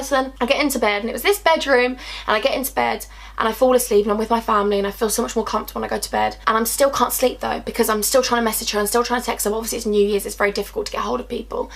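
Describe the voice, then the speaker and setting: A woman's voice: a little high, fairly bright tone. Upset young woman telling a story. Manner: chatty and upset, lots of "like"s and repeated phrases. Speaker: vlogger telling a personal story. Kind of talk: emotional storytime vlog.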